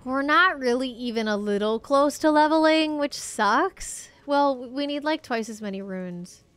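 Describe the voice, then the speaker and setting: Lively high-voiced woman streamer, chatty. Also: normal speed, clean tone. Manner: chatty, talks to chat between game moments; coos in baby talk to her pet. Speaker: video game streamer. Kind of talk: casual live-stream chat. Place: home streaming room with a green screen. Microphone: desk microphone with a foam cover.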